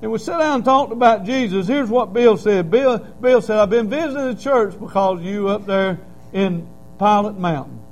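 Preacher, man, middle-aged, high voice, folksy storytelling, swells into fervent cries. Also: normal speed, rough recording. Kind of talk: sermon.

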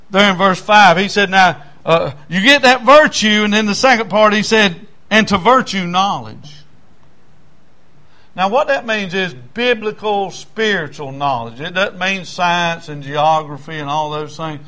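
Folksy preacher with a high, bright voice. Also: male voice, lively intonation, unhurried. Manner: folksy, storytelling, acts out voices in anecdotes. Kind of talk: sermon.

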